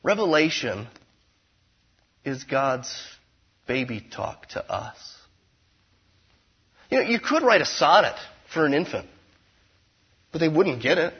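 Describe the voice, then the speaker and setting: Husky pastor preaching conversationally. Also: male voice, fairly high pitch, big pitch swings, slow pace, long pauses, lo-fi sound. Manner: conversational preaching with playful asides and swings from loud to hushed. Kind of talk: sermon.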